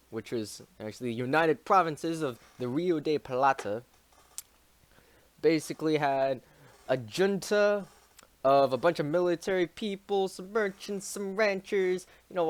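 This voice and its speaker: A man's voice: medium pitch, dry recording. A man casually summarizing a history chapter on a stream, joking and swearing constantly with mumbled asides.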